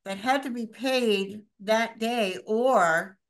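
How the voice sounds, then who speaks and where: A woman's voice: on the high side, slow. A middle-aged woman on a talk panel, telling a rambling personal story in casual chat over a video call. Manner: chatty, rambling personal anecdote.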